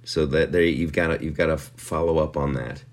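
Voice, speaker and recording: A man's voice: extremely low pitch, fairly even intonation, brisk. A man hosting his podcast in a rambling, self-mocking comic monologue full of fillers and restarts. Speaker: podcast host. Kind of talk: casual comedic monologue.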